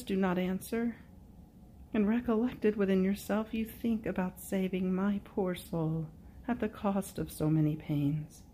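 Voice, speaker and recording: Woman reading a prayer meditation real slow, low dark voice, prayerful. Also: steady tone, a little hiss or hum. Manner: slow, prayerful, addressing Jesus directly. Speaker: devotional reader.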